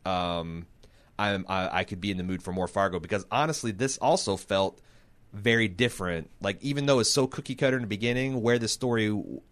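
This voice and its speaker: Low-voiced man hosting a podcast. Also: fairly quick, a bit bright, no room sound. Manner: rambling, frequent restarts, reads ad casually. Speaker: podcast host. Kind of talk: casual TV recap chat.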